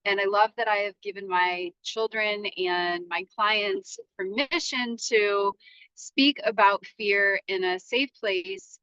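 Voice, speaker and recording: A woman in her forties hosting a podcast from her parked car, talking in a rambling, halting way with many restarts. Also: medium pitch, pushed and bright, no echo, dull audio. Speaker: podcast host. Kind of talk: casual solo podcast monologue.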